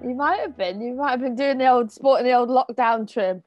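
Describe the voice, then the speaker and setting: A woman's voice: high-pitched, brisk, darkish tone, muffled recording, faint music behind. A woman guesting as a musician in a radio chat, blunt and wry, a bit stressed. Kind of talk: casual chat.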